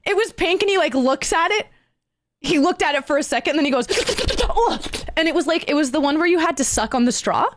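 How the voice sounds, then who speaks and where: A woman telling a story with animated excitement, acting out each voice in it and laughing often. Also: sits high, fast, background noise. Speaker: streamer.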